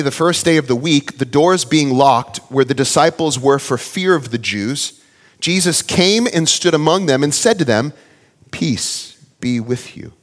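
A man in his thirties preaching a sermon, earnest and storytelling, sometimes playfully animated. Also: medium pitch, in a large hall. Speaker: pastor.

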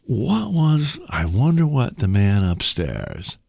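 A middle-aged man hosting a casual talk, telling stories with lively, acted-out quotes. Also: mid-range voice, slow, gravelly, slightly rough, no echo, clean studio sound. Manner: animated storyteller, acts out quotes loudly. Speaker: podcast host. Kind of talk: casual conversation and storytelling.

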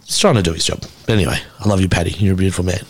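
A young man hosting a casual chat, telling stories in an animated, sweary way. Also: low-pitched, rapid-fire, a little hiss or hum. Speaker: podcast co-host.

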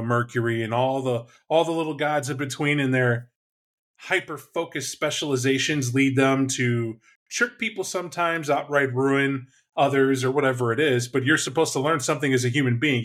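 A man in casual conversation about tabletop games, animated and quick to act out voices. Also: medium pitch. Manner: animated, acts out voices and shouts in bursts.

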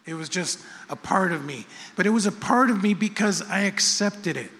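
In a church sanctuary full of long hall reverb, a middle-aged pastor delivers a sermon in a conversational, repetitive way, poking fun at himself now and then. His high-pitched voice is fairly bright, moving at a moderate pace with lively intonation.

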